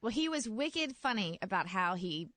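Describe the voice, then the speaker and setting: A young woman co-hosting a radio show, telling a story in an animated, excited way. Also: medium pitch, moderate pace, no echo. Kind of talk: casual morning radio chat, storytelling.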